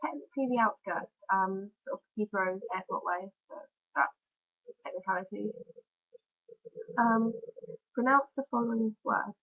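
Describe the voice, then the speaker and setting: A woman's voice: medium pitch, normal speed, long pauses, breathy edge. A young woman with a London accent chatting casually on camera, self-deprecating and full of ums. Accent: London English. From England. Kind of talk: casual vlog chat. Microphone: built-in webcam mic. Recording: tinny lo-fi webcam audio.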